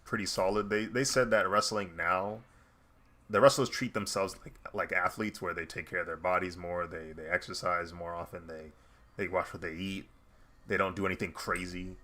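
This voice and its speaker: A man's voice: low voice, fairly even intonation, normal speed, bright, forceful tone. A man talking casually while he draws, rambling and laughing often. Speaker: artist streaming while drawing. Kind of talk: casual commentary while drawing.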